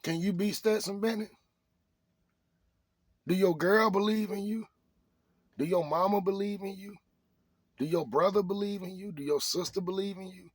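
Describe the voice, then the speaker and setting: A man's voice: high-pitched, normal speed, pauses often, husky, no room sound. Preachy man firing rhetorical questions. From Arkansas. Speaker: vlogger. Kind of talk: motivational rant to camera.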